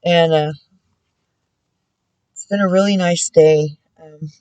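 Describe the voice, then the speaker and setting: A woman giving a casual spiritual tarot reading at home. She speaks gently and prayerfully, with many pauses and restarts. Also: on the low side, fairly even intonation, smooth, no echo. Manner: halting and soft-spoken, many pauses and restarts. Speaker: tarot reader and spiritual channeler. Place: indoors at home.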